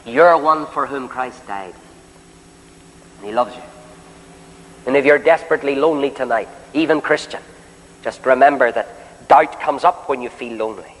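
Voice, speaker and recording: A man preaching a sermon in a meeting hall, swinging between loud, drawn-out declarations and soft, pleading questions aimed straight at the listeners. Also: mid-range voice. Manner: addresses listeners directly with questions. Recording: long hall reverb.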